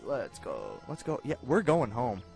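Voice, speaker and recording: A young man commenting on his own gameplay, excitable, self-mocking, and given to shouting at the game. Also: mid-range voice, measured pace, gravelly, faint music behind. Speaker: gaming video host. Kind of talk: let's play commentary.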